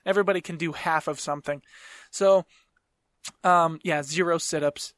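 A man's voice: on the high side, steady tone, moderate pace, a bit bright, dry recording, clean studio sound. A man hosting a podcast, telling stories in a casual, rambling way, swearing freely and laughing mid-sentence. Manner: profane rambling storyteller. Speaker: podcast host. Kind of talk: casual chat.

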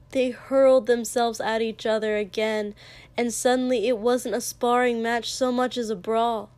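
A woman reading a dramatic story aloud in a hushed, unhurried storytelling voice. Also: fairly high pitch, flat delivery, dry recording. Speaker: story reader. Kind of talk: dramatic fan-fiction reading.

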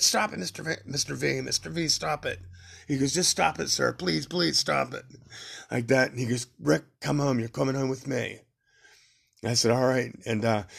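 A man's voice: medium pitch, gravelly, fairly bright tone. A man telling rambling stories about his youth in a casual podcast memoir, swearing freely and laughing at his own tales. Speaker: podcast storyteller.

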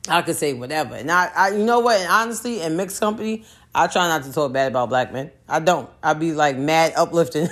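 A woman's voice: deep voice, sing-song, fairly quick. A woman, talking straight to camera in a blunt, profane, emphatic rant. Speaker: commentator. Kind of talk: casual monologue rant.

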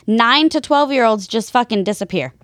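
Higher-voiced woman telling a lively story. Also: normal speed, no room sound, studio quality. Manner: animated storyteller. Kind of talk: casual podcast chat.

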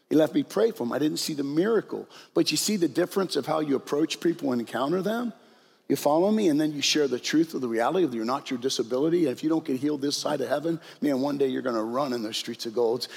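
A man's voice: on the high side, vocal fry, slightly rough, in a large hall. An older man telling stories in a sermon, talking conversationally and checking in with the listeners often. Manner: conversational, frequent "right?" and "okay?" asides. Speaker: preacher. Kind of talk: sermon storytelling.

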